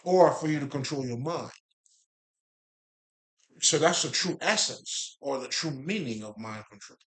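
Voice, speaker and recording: A man talks through spiritual ideas in a loose, rambling monologue at a middle pitch. He drifts off track, drops street slang and curses freely, then laughs and picks the thread back up. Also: animated, a little slow. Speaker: spiritual talk host.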